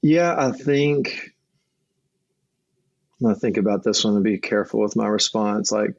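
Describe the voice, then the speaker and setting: A man's voice: on the low side, measured pace, creaky, no echo. A middle-aged man, a marriage coach and guest, talking earnestly in a casual conversation with frequent restarts, on a dull lo-fi recording.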